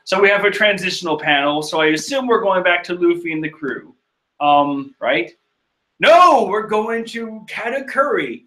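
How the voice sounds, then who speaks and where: A man rambles through a comic read-along with jokes, stopping to fix mixed-up names. His voice sits high and bright, with a lively, animated swing. He keeps it loose and playful. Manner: rambling, jokey, mixes up names and corrects himself. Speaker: comic reader.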